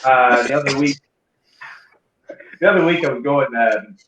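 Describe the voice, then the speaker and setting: A man's voice: medium pitch, moderate pace, fairly bright tone, muffled recording. Male comic host, one-liners, echoey room, faint hiss. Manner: punchline jokes with checking "right?" and "yeah?". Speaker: comedy club host. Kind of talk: stand-up comedy and act introductions.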